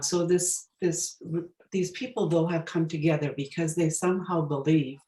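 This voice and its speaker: A woman's voice: low-pitched, dark tone, reverberant, poor audio. A woman giving a storytelling talk as a guest speaker, reflective and searching for her words as she goes.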